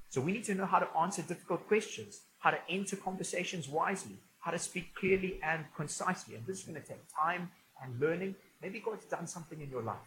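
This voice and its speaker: A man's voice: on the high side, fairly bright tone, a little hiss or hum, rough recording. A man preaching a conversational, humorous sermon in a church. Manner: conversational and humorous, with frequent restarts. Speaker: pastor. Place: church auditorium.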